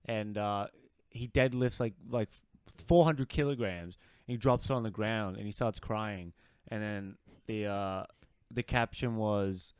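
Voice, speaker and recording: A young man from Australia co-hosting a podcast, chatting casually, laughing often and telling animated stories. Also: lowish voice, unhurried, smooth, no room sound, studio quality. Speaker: podcast co-host.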